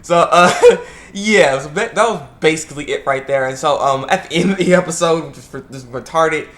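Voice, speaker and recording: A man giving a casual, rambling video review, excitable and often laughing. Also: fairly high pitch, fairly quick. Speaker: anime reviewer.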